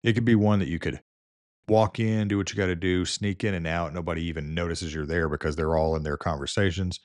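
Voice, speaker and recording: A man's voice: sits low, steady tone, a little fast, dry recording, studio quality. A man who works as a nurse tells shift stories in a casual, rambling way, with many fillers and restarts. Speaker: nurse and video host. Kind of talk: casual storytelling.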